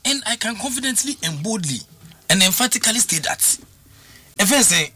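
A man's voice: extremely high pitch, very animated, moderate pace, bright, forceful tone, husky. A man with a Ghanaian accent talking football on a radio sports show, emphatic and repetitive as he drives his points home. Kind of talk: sports talk radio discussion.

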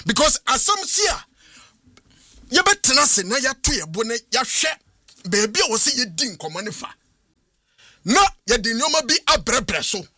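High, bright Ghanaian sports radio man. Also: big pitch swings, normal speed, pauses often, no room sound, studio quality. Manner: emphatic, argumentative opinion delivery. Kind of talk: radio sports talk in mixed Twi and English.

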